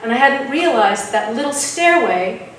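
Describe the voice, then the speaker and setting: A woman telling a spooky story at an open mic, dramatic and dropping to a hush at tense moments. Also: fairly high pitch, lively intonation, measured pace, a little hiss or hum. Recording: echoey room from far off.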